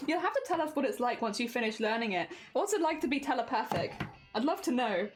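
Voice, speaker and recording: Young woman streamer, high voice, giggly and chatty, light music under her. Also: sing-song, fast. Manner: chatty, giggly, reads and answers chat. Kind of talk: casual live-stream chat.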